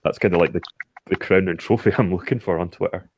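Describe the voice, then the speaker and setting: A man's voice: deep voice, quick pace, a little hiss or hum. A man hosting a casual chat, talking in a wry, self-deprecating and rambling way. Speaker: channel host.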